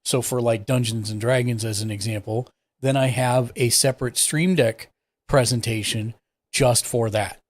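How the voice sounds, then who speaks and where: A young man talks a guest through software settings in a relaxed, easygoing way. His voice sits at an ordinary middle pitch. He thinks aloud and backtracks as he hunts for a button. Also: normal speed. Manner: relaxed, explains step by step while clicking around. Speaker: streaming tech support host. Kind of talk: casual live-stream tech walkthrough.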